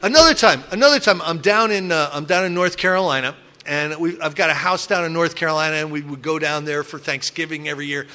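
A middle-aged man in recovery telling stories from his drinking past in a casual, animated way, acting out other people loudly and restarting his sentences often. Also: on the high side, fast, hardly any pauses. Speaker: recovering alcoholic sharing his story. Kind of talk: casual storytelling talk.

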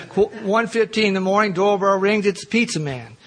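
A man's voice: high voice, lively intonation, normal speed, fairly bright tone. A middle-aged man speaking at a recovery meeting, telling his own story in an earnest, self-mocking way and laughing often. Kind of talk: personal storytelling talk.

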